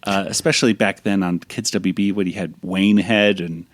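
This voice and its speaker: A man's voice: sits low, steady tone, normal speed, dry recording, clean studio sound. A man hosting a podcast in casual chat, rambling with restarts and talking fondly about old cartoons. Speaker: podcast host.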